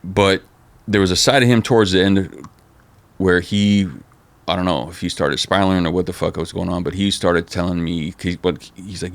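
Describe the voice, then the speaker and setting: A middle-aged man telling stories in a casual interview, animated and profane, full of "dude" and "man.". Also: low voice, brisk. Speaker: interview guest, former skateboard company manager.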